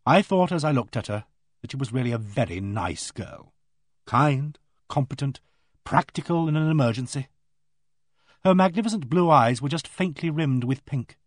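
A man's voice: mid-range voice, dry recording, studio quality. A man narrating an audiobook in a composed first-person storytelling manner.

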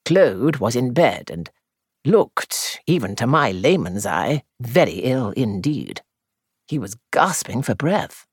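A man's voice: mid-range voice, sing-song, breathy edge, no room sound, clean studio sound. Composed male audiobook narrator. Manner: measured, composed first-person storytelling.

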